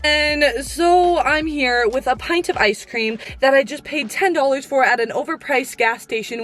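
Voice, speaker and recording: Sitting in her car with an on-camera mic, a late-teen Christian influencer vlogger talks in a high, slightly bright voice. Her casual confessional vlog finds her rambling candidly as she vents to viewers.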